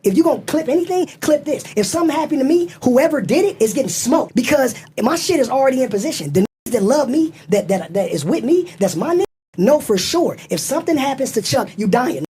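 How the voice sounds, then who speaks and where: A man's voice: extremely high pitch, very animated, fast talker, a little mellow, slight background noise. A man in a casual interview, telling stories in a brash, profane, boastful way. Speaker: interview guest.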